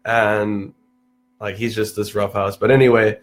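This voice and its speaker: A young man, telling stories in casual chat, full of restarts and acted-out quotes. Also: measured pace. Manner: animated, restarts often, acts out quotes in a higher voice. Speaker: podcast guest.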